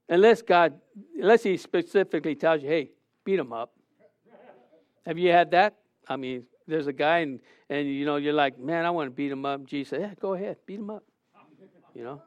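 A man's voice: high-pitched, no echo. A middle-aged man preaching a sermon, questioning the congregation and acting out stories.

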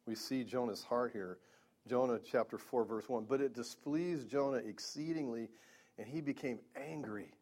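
A man's voice: medium pitch, moderate pace, darkish tone. A man preaching a Bible-teaching sermon, earnest, with stammering restarts and emphatic peaks.

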